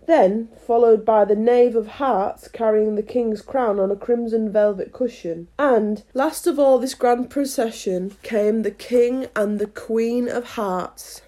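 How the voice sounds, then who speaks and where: A woman's voice: fairly high pitch, mellow. A woman reading a children's classic aloud, chatty and self-deprecating between chapters. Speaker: audiobook reader. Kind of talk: chatty intro then storybook reading.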